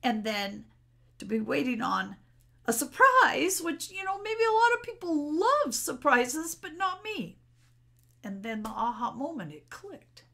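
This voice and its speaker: Gravelly-voiced woman rambling candidly. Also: high voice, very animated, measured pace, pushed and bright. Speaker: spiritual vlogger. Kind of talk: unscripted solo talk to camera. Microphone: camera mic.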